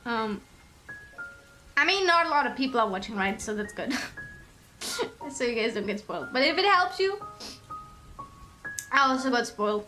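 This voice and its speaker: A young woman streams with music playing underneath, chatting casually with viewers. Her voice is high, bright, forceful, and expressive at a moderate pace with long pauses, and she rambles, swears freely, and uses lots of fillers.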